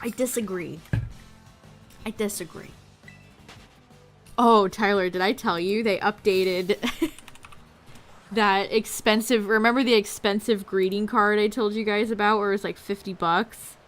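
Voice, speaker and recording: A young woman live-streaming a game, chatting casually with her viewers, her voice going a little hoarse. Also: mid-range voice, fairly even intonation, moderate pace, soft background music. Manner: laid-back, chatty, talks to chat. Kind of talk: casual live-stream chat while gaming.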